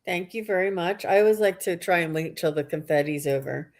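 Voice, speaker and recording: A woman's voice: lowish voice, darkish tone. A woman hosting a live psychic reading stream, chatty and reading viewers' comments aloud.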